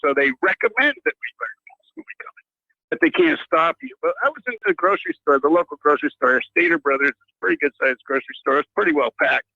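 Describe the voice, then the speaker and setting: A male radio caller with a gravelly, sharp, bright voice rambles through a heated rant, full of fillers and restarts. The line sounds dry and muffled. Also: fairly high pitch, expressive, quick pace, dry recording. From United States.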